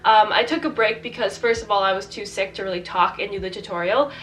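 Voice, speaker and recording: A woman's voice: mid-range voice, fast talker, a bit bright, far from the mic, a little hiss or hum. A young woman with a stuffy cold, chatting casually and rambling as she vlogs her crochet project. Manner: chatty, rambling, self-deprecating. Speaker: crochet vlogger. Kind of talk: casual vlog narration.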